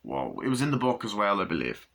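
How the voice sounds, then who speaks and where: A man giving a casual, rambling movie review, swearing freely and acting out scenes in high put-on voices, recorded on a camera mic. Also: very animated, quick pace, gravelly, a bit bright.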